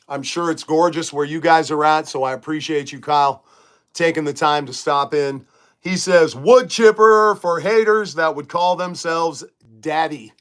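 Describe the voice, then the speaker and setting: A middle-aged man chats to his live audience from his bedroom, loose and emphatic, answering viewer comments as they come. His voice sits a little higher than most men's. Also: a bit bright. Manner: chatty, emphatic, reads viewer comments aloud. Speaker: livestream host. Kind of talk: casual live-chat monologue.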